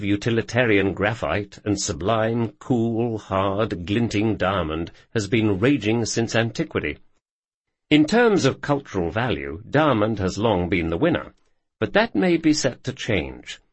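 Husky, animated male nonfiction narrator. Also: lowish voice, unhurried, dry recording.

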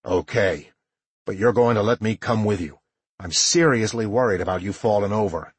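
Man voicing a husky, caring young man. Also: lowish voice, moderate pace, no echo. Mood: soothing. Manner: calm, reassuring.

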